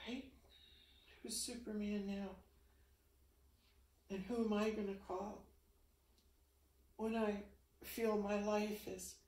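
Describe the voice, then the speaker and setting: Woman, spiritual yoga teacher, unhurried soothing talk, sighs, roomy echo. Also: mid-range voice, level tone, darkish tone. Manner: slow, soothing, with sighs and breaths.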